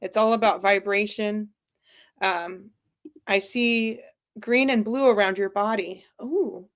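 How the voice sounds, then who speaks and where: Woman co-host reading comments aloud; slow, soft delivery, middle pitch. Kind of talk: live-stream Q&A.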